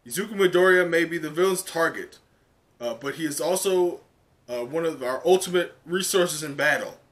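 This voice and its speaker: A man voicing a formal school official, reading haltingly with many fillers. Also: a little high, fairly bright tone, close to an everyday voice.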